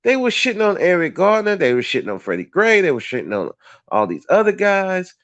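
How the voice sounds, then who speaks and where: A man's voice: sits high, huge pitch swings, brisk, a bit bright, no echo, dull audio. A man hosting his own podcast, giving a blunt, profane, heated solo commentary. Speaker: podcast host.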